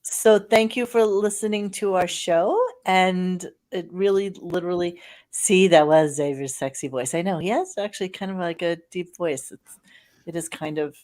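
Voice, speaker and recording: A woman's voice: lowish voice, steady tone, moderate pace, darkish tone. A woman hosting a live podcast stream, chatting casually and teasing her co-host while reading viewer comments aloud.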